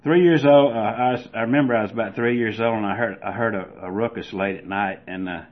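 A man's voice: on the low side, quick pace. An older man with a Southern US accent, from Georgia, gives a personal testimony at a recovery meeting, telling a folksy story and acting out the voices in it. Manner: folksy storyteller who acts out voices loudly. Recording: dull lo-fi recording.

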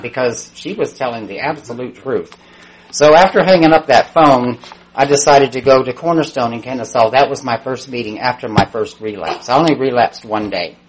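A man sharing his recovery story in front of a meeting. He talks candidly and pokes fun at himself, and he slips into livelier, higher voices when quoting people. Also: poor audio. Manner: candid, self-mocking storytelling with voiced quotes; shifts pitch up and gets louder when mimicking others. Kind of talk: personal testimony.

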